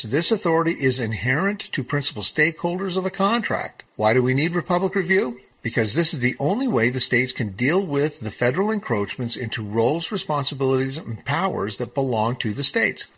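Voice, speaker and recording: A man's voice: medium pitch, fairly bright tone, breathy edge. A middle-aged man hosting his own show, talking through his ideas in a rambling, self-correcting monologue. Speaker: host of a civic podcast. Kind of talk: casual monologue.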